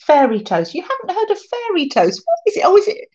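A woman's voice: extremely high pitch, wildly swooping pitch, a little fast, a little mellow, lo-fi sound. A woman hosting a craft livestream, chatting casually, reading out viewer comments and laughing often.

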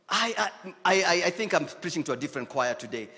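A man's voice: high-pitched, lively intonation, quick pace, pushed and bright, long reverb tail. A man with a Kenyan accent preaching a sermon, emphatic and repetitive, dropping Swahili phrases into his English. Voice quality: emphatic preaching, repeats key lines, switches into Swahili phrases. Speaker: pastor.

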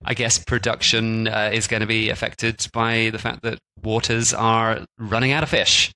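A man's voice: fairly low pitch, flat delivery, normal speed, pushed and bright, low-quality recording. A man co-hosting a travel podcast, chatting casually with plenty of "like" and restarts. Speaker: podcast co-host. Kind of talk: casual chat.

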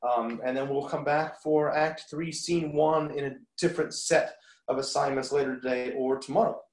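एक पुरुष शिक्षक, जो आराम से, बार-बार "अम" कहते हुए और मज़ाकिया टिप्पणियों के साथ पाठ समझाता है।. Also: male voice, on the high side, moderate pace, roomy sound, rough recording. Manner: relaxed, lots of ums, joking asides. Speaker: teacher. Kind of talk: casual recorded lesson.

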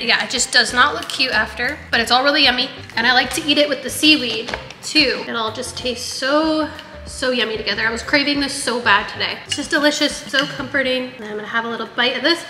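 A young woman chatting to viewers in a casual cooking vlog, a bit frantic as she cooks in her kitchen. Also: high-pitched. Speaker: vlogger. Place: home kitchen. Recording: echoey kitchen with long reverb. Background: soft background music.

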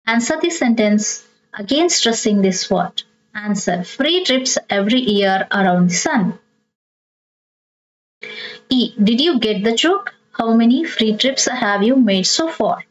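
Indian English woman teacher, higher voice, slow deliberate lesson delivery, muffled lo-fi recording. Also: expressive, slight background noise. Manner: slow, deliberate reading of exercises. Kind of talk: textbook lesson explanation.

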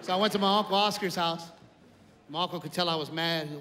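A man performing a stand-up comedy set, telling family stories in an animated way and yelling out the punchlines. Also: a little high, rapid-fire. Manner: loud animated storytelling, yells while acting out his family. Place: comedy club stage. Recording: echoey club with audience and noise. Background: audience laughter.

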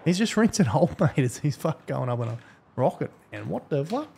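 A man's voice: on the high side, very animated, normal speed, vocal fry, noisy background. A young man streaming a game, chatting casually, swearing often, blunt and grumbling between laughs. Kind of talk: casual live-stream chat while gaming.

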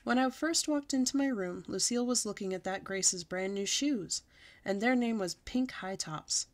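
A woman at storytime, reading a children's book aloud in a lively, childlike first-person way. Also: mid-range voice, moderate pace. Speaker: storytime reader.

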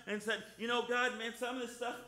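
An older man preaching a fervent sermon in church, breaking into loud hallelujahs and softening when he reads scripture. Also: very high voice, flat delivery, brisk, roomy sound. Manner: fervent, shouting hallelujahs, drops soft for scripture. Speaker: guest preacher. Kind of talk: lively Easter sermon with scripture reading.

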